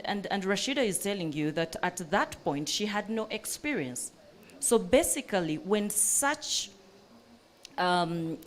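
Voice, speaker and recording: A woman's voice: on the low side, slight background noise. A woman panelist who runs a coffee business, speaking earnestly and with passion at a panel discussion, with many fillers.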